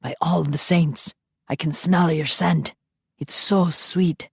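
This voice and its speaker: A woman voicing a brooding centuries-old male vampire with a put-on Scottish accent, speaking in a slow, hushed, commanding way in an audiobook. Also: low voice, steady tone, vocal fry, breathy edge, dry recording, heavily acted. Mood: seductive. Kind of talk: audiobook narration.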